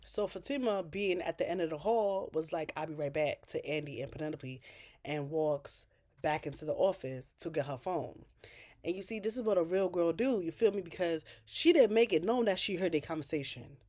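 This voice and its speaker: A woman with a fairly low voice recaps a TV episode in casual chat. She talks in an animated way, full of slang and swearing, and she is close to the mic. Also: moderate pace. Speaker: TV show recapper.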